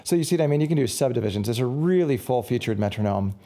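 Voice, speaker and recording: A man with a gravelly, fry-edged voice talks through a casual gear review. His tone is mellow and relaxed, and he rambles along, correcting himself as he goes. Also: mid-range voice, very fast. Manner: rambling, chatty, self-correcting.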